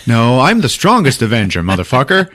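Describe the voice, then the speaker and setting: A man's voice: medium pitch, huge pitch swings, a little fast, fairly bright tone, pitched above the performer's own voice. A man voicing a brash, hot-headed male thunder god who swears and sounds exasperated, in a casual podcast retelling. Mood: indignant.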